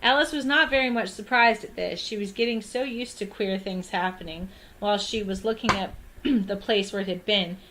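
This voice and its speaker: Woman reader, bright and clear, brisk storybook narration with small slips. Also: medium pitch, a little hiss or hum, low-quality recording. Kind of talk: livestream read-aloud of a classic book.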